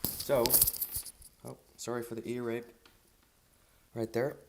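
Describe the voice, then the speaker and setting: A man live streaming, ranting casually and swearing a lot. He sounds dismissive and rambles, breaking off and restarting mid-sentence. His pitch sits in a middle range for a man. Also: level tone, takes it slowly, gravelly, a little mellow. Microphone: earphones with mic.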